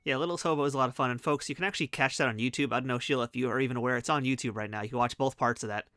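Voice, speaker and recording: American guy hosting, talks super fast, dry mic. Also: medium pitch, steady tone, fairly bright tone, no echo. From United States. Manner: enthusiastic, rapid talker. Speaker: podcast host. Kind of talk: casual interview.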